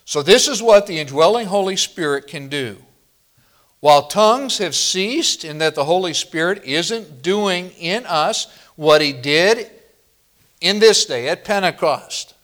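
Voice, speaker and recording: A man's voice: high-pitched, expressive, a little slow, fairly bright tone. A man from the northern Midwest of the US preaching a sermon, a pastor who teaches verse by verse and asks the congregation questions.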